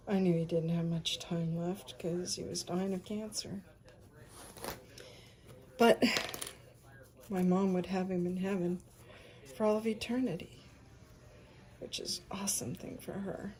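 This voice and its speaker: A woman in her fifties telling a personal faith testimony, soft-spoken and often sinking into a breathy whisper. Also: lowish voice. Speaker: speaker sharing a faith testimony.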